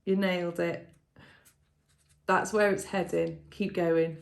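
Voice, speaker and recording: A woman giving a tarot reading to viewers in a casual, emotional way, often laughing softly and thinking aloud with fillers and restarts. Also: on the low side, steady tone, takes it slowly, creaky. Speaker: tarot reader.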